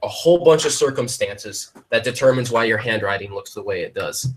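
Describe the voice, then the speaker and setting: A man's voice: lowish voice, lively intonation, fairly quick, noisy background. A young man co-hosting a podcast, telling rambling stories with lots of "like" and "dudes" and frequent restarts. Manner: rambling storyteller, repeats himself, says "like" and "dudes". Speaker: podcast co-host. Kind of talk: casual chat.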